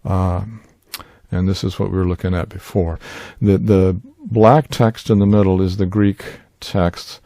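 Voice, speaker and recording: A man, likely older, teaching in an unhurried, explanatory way with frequent fillers, in a screen-share tutorial recorded close to a desk mic. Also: low-pitched, fairly even intonation, mellow, dry recording. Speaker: Bible language teacher.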